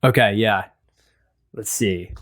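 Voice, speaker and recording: A man's voice: on the low side, slow, fairly bright tone. A man co-hosting a casual comedic chat, rambling and hesitant with a playful edge. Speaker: podcast co-host.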